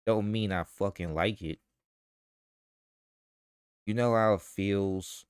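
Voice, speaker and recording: A man's voice: lowish voice, slow, pauses often, clear, resonant tone, no echo, studio quality. A man in a vlog ranting heatedly with profanity and rhetorical questions. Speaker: vlogger. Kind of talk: ranting commentary.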